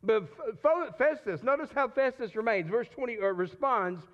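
A man's voice: very high-pitched, animated, moderate pace, dull audio. A man preaching a sermon in a conversational way, often repeating and restarting his words. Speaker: pastor.

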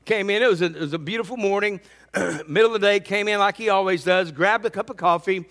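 Earnest middle-aged pastor in a reverberant hall. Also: male voice, high-pitched, fast, a bit bright. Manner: repeats words often, earnest. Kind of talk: sermon.

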